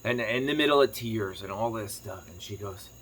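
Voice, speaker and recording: A man chatting casually to camera as a farm vlogger, telling a rambling story quickly while sitting on his kitchen floor. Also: fairly low pitch, fairly bright tone, a little hiss or hum. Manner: rambling, fast-talking storyteller.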